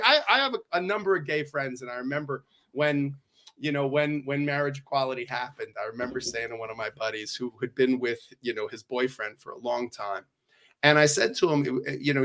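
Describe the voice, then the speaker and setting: A middle-aged man, a divorce lawyer, talking in a casual podcast conversation, animated and sarcastic, swearing freely and acting out bits of dialogue. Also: mid-range voice, a little fast.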